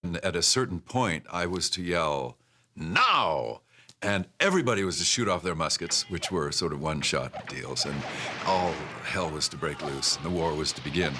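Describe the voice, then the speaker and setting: An older man, an actor, thoughtfully recalling his work in a reflective interview, speaking in a measured way with restarts and pauses. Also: very deep voice, pushed and bright, breathy edge. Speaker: actor recalling a past production.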